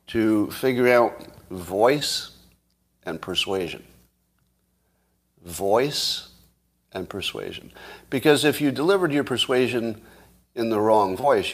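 Husky-voiced man musing to his viewers. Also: fairly low pitch. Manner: boastful, playfully hyperbolic, shifts deliberately between calm and worked up. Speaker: show host. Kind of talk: casual monologue to viewers.

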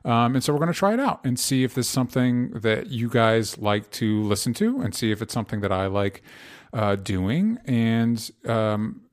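A young man hosts a podcast in casual chat, earnest and a bit halting, full of fillers and restarts. His voice sits at an ordinary middle pitch. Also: lively intonation. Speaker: podcast host.

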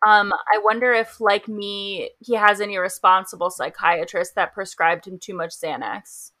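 Woman podcaster, bright voice, deadpan humor, dry close mic. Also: mid-range voice, normal speed, dry recording. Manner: deadpan jokes. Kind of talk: casual chat.

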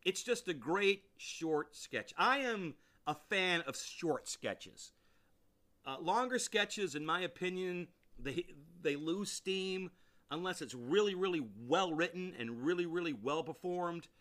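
A man hosting a podcast who rambles enthusiastically through a review, circling back over his points. His voice is bright and fairly high. His pitch swings in a lively way. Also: takes it slowly. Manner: enthusiastic, rambling, repeats himself. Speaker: podcast host. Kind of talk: casual review monologue.

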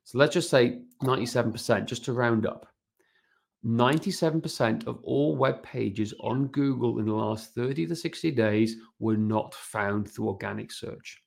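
A man's voice: mid-range voice, moderate pace, creaky. Man explaining with lots of "right?". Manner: animated, keeps checking in with "right?". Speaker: guest, fitness business and website consultant. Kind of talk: casual podcast explanation.

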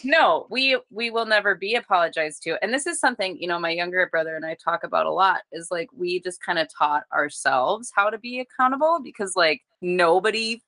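Brief: low-pitched woman, frank sweary podcast talk, dry close mic. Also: fairly quick, few pauses, sharp tone, no echo. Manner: candid, swears freely, lots of "like". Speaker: podcast guest or co-host. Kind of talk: casual chat.

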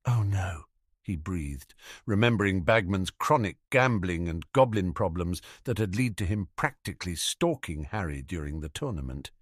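A man's voice: sits low, animated, moderate pace, no room sound, clean studio sound. A man reading a fan fiction story aloud as audiobook narration. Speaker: audiobook reader.

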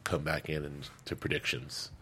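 A man from Los Angeles co-hosting a casual chat about a TV show, telling stories in a rambling, animated way with lots of restarts. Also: very deep voice, normal speed, a little hiss or hum. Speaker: co-host.

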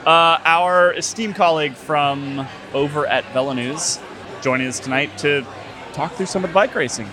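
A man's voice: a little high, normal speed, over music. A man hosting a podcast in a casual, joking, conversational way, recorded in a tavern. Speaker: podcast host.

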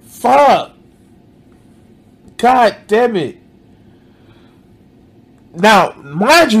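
A man gives casual reaction commentary over a video. He sounds exasperated and swears freely. His voice rides a little high, swings widely in pitch and moves at an unhurried pace. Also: sing-song. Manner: exasperated, swears often, frequent "like".

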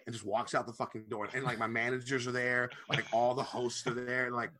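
Bright, profane man telling a story. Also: medium pitch, brisk. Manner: profane, animated anecdote telling. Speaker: podcast co-host. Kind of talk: casual storytelling chat.

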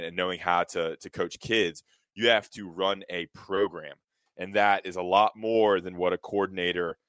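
Deep-voiced man talking football. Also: a bit bright, clear, resonant tone, no room sound. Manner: thoughtful, rambling analysis. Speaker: co-host. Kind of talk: casual sports talk.

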